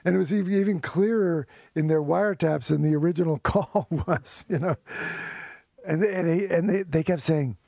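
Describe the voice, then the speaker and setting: A man with a gravelly, somewhat raised voice spins a tale for an interviewer, with a lively storyteller's delivery. His tone is warm and mellow, and the room sounds dry. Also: a little high, normal speed, no echo. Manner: lively storyteller who acts out quoted voices, with restarts and chuckles. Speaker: author guest. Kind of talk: anecdotal storytelling in conversation.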